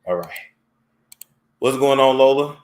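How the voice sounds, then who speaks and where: A man hosting a casual call-in chat, talking in a blunt, frank and animated way. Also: mid-range voice, measured pace, echoey room. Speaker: host.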